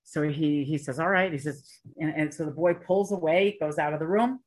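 A woman's voice: deep voice, steady tone, normal speed, darkish tone, breathy edge. A woman giving an earnest storytelling Torah talk, mixing in Hebrew and Yiddish terms with chatty asides. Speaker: Torah teacher.

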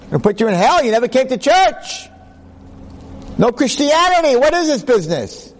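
Man putting on a loud, high, scolding heavenly judge for a told story; comic, indignant. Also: big pitch swings, normal speed, long reverb tail. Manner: shouting, scolding. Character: booming scolding male savior at heaven's gate.

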